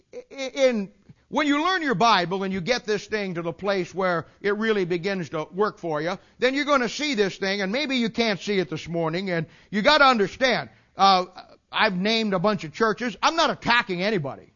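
An older preacher gives a sermon in a high, bright voice, driving home his points with folksy sayings and repetition. The recording is dull and lo-fi, like an old church tape.

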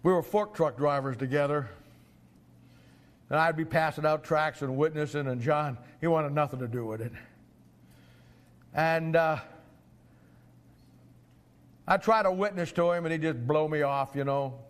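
An older man preaching a sermon, swinging from quiet storytelling to loud shouted climaxes. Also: unhurried, long pauses. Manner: rises to shouting climaxes, drops low for storytelling.

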